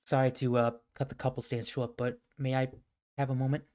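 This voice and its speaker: A man doing a soft-spoken, battered folk hero. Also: medium pitch, level tone, a little fast, close to an everyday voice. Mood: polite. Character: battered, polite male folk-hero musician.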